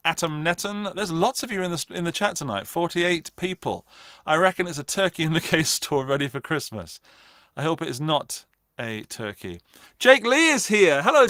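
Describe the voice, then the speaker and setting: Guy hosting a guitar livestream, chatty and jokey, smooth clear voice, dry close mic. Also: a little high, fairly bright tone, no echo. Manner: chatty, greets chat by name, light self-mocking asides. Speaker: livestream host. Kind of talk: casual livestream chat.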